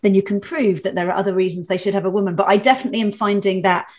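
A woman's voice: mid-range voice, steady tone, racing, a little mellow. Chatty British woman comedian. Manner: chatty, frequent fillers and restarts. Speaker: comedian and corporate speaker. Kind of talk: casual conversation.

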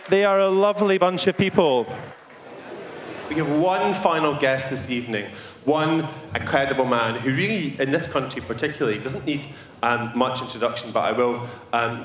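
A man's voice: medium pitch, steady tone, brisk, a bit bright, roomy sound, a little hiss or hum. A man hosting a podcast live on stage, introducing a guest in a chatty, playful, joking way. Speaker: podcast host.

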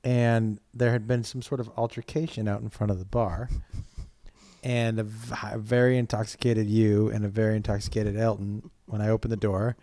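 A man's voice: on the low side, little pitch movement, normal speed, mellow, no room sound. Blunt, teasing man in casual chat. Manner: blunt, teasing, laughs while telling stories.

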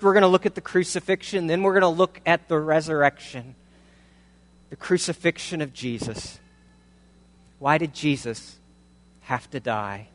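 Male preacher, fairly high voice, emphatic, stacks repeated phrases; long reverb. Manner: emphatic, builds through rhetorical questions and repeated phrases. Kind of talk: sermon.

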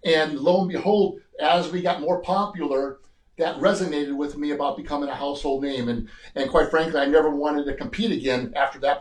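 An older man in his sixties spins stories from his bodybuilding days, slipping into the voices of the people he quotes. His voice sits a touch high. The room adds a noticeable echo. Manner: animated storyteller, acts out quoted voices. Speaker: guest, former TV gladiator and bodybuilder. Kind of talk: casual interview storytelling.

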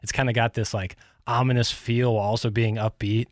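A man's voice: mid-range voice, flat delivery, a little fast, no room sound, studio quality. A young man co-hosting a sports radio show, rambling casually with lots of "like" and defending his opinions. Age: young adult. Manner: rambling, heavy use of "like", defensive. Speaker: radio co-host.

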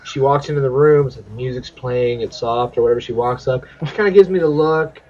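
A man's voice: medium pitch, quick pace, darkish tone. A man co-hosting a casual podcast chat, rambling and joking as he tells stories. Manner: jokey, rambling storyteller. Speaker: podcast co-host. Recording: lo-fi recording.

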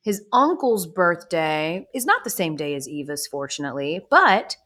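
A woman's voice: fairly low pitch, normal speed. A woman in her thirties hosting a podcast, telling stories in a chatty, sarcastic way. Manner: animated, chatty storytelling with sarcastic asides. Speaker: podcast host. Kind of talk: casual chat.

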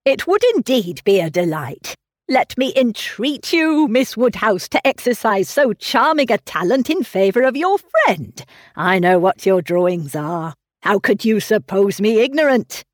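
A woman voicing a gallant, fawning young gentleman, effusive and flattering in a slow, eager manner. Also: medium pitch, no echo, clean studio sound. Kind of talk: audiobook character reading.

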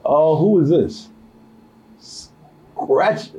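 A man's voice: a little high, extremely slow, dark tone, highs cut off. A man in casual banter, hosting a live stream, reading the chat aloud and teasing, laughing often. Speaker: stream host.

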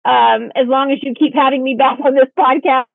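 A woman's voice: high voice, fairly even intonation, brisk, vocal fry, husky, no room sound. A woman co-hosting a podcast, speaking in a heartfelt, grateful way and laughing easily in casual chat. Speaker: podcast co-host. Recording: dry tinny phone-like line.

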